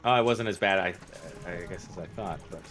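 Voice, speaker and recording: A man's voice: low-pitched, brisk, over music. A man co-hosting a game livestream, chatting in a rambling, jokey way and swearing freely. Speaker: game streamer co-host. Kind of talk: casual gaming livestream chat.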